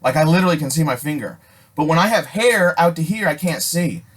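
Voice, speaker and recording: A middle-aged man from Alaska telling a story casually, swearing constantly and jumping loudly when he acts out what people said. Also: a little high, a little fast, breathy edge. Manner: animated, swears constantly, acts out quotes with loud jumps.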